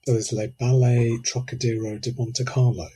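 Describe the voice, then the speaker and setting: A man co-hosting a casual podcast chat, relaxed and rambling. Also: mid-range voice, moderate pace, husky. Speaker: podcast co-host.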